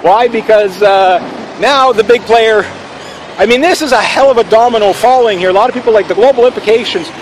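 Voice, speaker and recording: A man's voice: sits high, a little fast, a little hiss or hum, low-quality recording. A man hosting a casual opinion vlog, talking assertively in a rambling way. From Canada. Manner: assertive, rambling, with fillers and restarts. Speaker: channel host.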